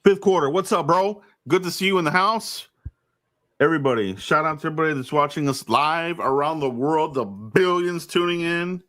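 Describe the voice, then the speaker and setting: A man's voice: on the high side, normal speed, a bit bright, dry recording. Laid-back man with a dry close sound. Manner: loose, laughing, stammering restarts, hype asides. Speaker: podcast host. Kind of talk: casual sports chat.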